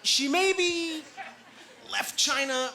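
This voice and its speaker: A man's voice: very high voice, drawn-out words, a little hiss or hum. A man in his thirties from Canada doing a stand-up comedy set, telling chatty, self-deprecating stories full of fillers. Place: comedy club stage with a live audience. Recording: live club recording with loud crowd laughter.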